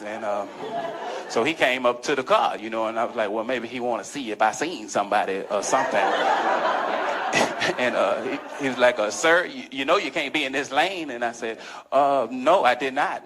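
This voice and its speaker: A man's voice: medium pitch, heavy background noise. A man telling a stand-up story in a laid-back, rambling way. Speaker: stand-up comedian.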